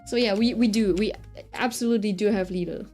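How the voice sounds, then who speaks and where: A young woman telling a chatty, animated story to her stream audience, often checking in with her listeners. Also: mid-range voice, fairly quick, soft background music. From Britain. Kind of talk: casual storytelling chat.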